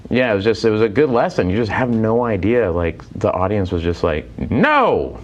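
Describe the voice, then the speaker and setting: A man telling a comedy-writing anecdote in a podcast chat, animated and laughing through his story. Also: fairly low pitch, a little fast, lo-fi sound. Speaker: guest comedy writer.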